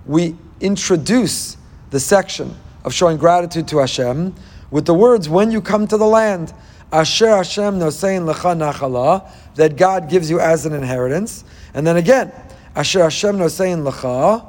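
A man's voice: on the high side, moderate pace, darkish tone, in a large hall. A man giving a Torah sermon. He reads Hebrew verses, translates them line by line and asks his listeners rhetorical questions. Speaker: rabbi teaching Torah.

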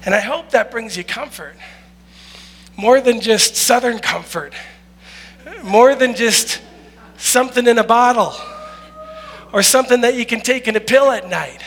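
A man preaching with a high, bright and forceful voice, telling funny stories and laughing along with them. The sermon carries through a large room with a long reverb. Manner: animated, humorous storytelling with frequent laughs. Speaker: pastor.

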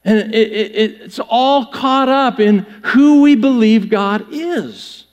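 A man's voice: extremely high pitch, slow pace. A male pastor giving a conversational sermon, joking with his congregation in a church with long hall reverb.

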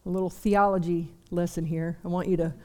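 A woman's voice: lowish voice, level tone, brisk. Chatty young woman preaching. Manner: warm, chatty, self-deprecating asides. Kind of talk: sermon. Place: church service before a seated audience.

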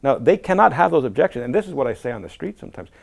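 Brief: male guest, emphatic and quick, gravelly edge. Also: mid-range voice, big pitch swings. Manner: emphatic, quotes people in acted voices. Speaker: guest apologist. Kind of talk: casual conversation.

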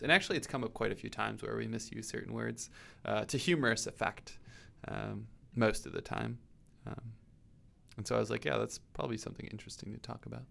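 A man co-hosting a podcast in easygoing conversation. His voice sits low and is heavily gravelly, with strong vocal fry. He talks casually and scatters "like" through his sentences. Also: slight background noise. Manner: relaxed, peppered with "like" and laughs. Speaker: podcast co-host.

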